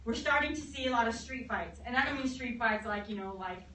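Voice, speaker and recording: Animated woman teacher in an echoey classroom. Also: on the high side, slight background noise. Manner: acts out countries in quick comic voices. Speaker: history teacher. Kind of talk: fast, animated classroom lecture. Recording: echoey room, mic at a distance.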